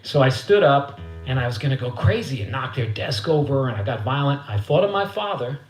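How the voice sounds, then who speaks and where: A man's voice: mid-range voice, expressive, a little fast. A middle-aged man, telling a loose, profane story from his living room and acting out the voices of the people in it. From Queens, New York. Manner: casual, profane, laughing storyteller who acts out voices. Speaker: musician and host. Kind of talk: storytelling between songs on a livestream. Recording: echoey room with guitar.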